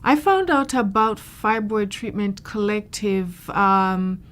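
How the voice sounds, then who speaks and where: A woman's voice: medium pitch, animated, slow pace, fairly bright tone. A woman patient speaking frankly and reflectively about her experience. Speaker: patient giving a testimonial. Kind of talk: candid testimonial interview.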